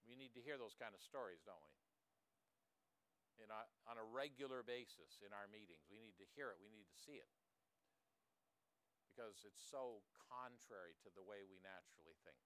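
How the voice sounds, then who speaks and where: A man's voice: fairly low pitch, expressive, normal speed, pauses often, fairly bright tone, smooth, dry recording. A man preaching a sermon in an earnest way, often turning points into questions to his listeners. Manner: earnest, with rhetorical tag questions.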